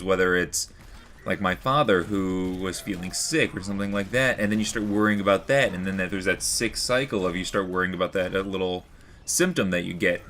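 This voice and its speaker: A man's voice: fairly low pitch, fairly bright tone, slight background noise. A young man telling a personal story to the camera in a rambling, earnest way, full of "like" and "you know". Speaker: vlogger.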